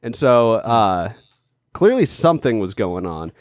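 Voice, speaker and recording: A man's voice: on the low side, sing-song, a little slow, a little mellow, dry recording. A man co-hosting a comedy podcast, telling the story in a loose, rambling way with plenty of restarts and filler. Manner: rambling, self-interrupting storyteller. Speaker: podcast co-host. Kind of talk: casual comedic chat.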